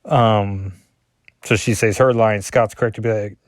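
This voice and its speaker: A man's voice: lowish voice, steady tone, normal speed, long pauses, dry recording, studio quality. A man casually reading through a comic issue as a reviewer, rambling with chatty asides and self-deprecating remarks.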